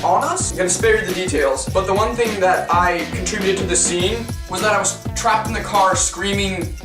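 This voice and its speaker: A man's voice: sits high, normal speed, recorded from a distance. A young man vlogging, telling stories in a dramatic, profane, self-mocking way. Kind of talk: casual storytelling vlog. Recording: roomy, off-mic, music behind.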